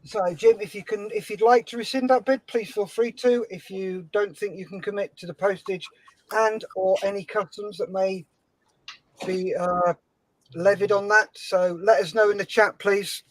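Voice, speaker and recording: High-voiced upbeat male auction host. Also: steady tone, no room sound, poor audio. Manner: brisk and upbeat, reads out chat comments and counts down time. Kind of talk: live-stream auction hosting.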